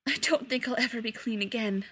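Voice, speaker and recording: A woman voicing a quiet, bookish teenage boy wizard who speaks softly and turns sharp when annoyed, with a husky voice. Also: fairly high pitch, brisk. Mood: mournful. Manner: quiet and reserved, then sharp.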